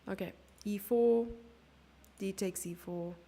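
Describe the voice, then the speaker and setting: A woman's voice: mid-range voice, takes it slowly, dark tone. A woman streamer giving chatty live chess commentary, thinking aloud and sometimes dropping into a whisper.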